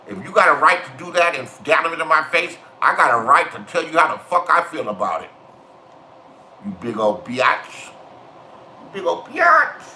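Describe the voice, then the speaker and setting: Middle-aged Californian man, profane ranting storyteller, slightly high voice, recorded in a roomy space. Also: bright, forceful tone, slight background noise. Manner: crude, swearing, confrontational storytelling. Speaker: vlogger. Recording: roomy echo.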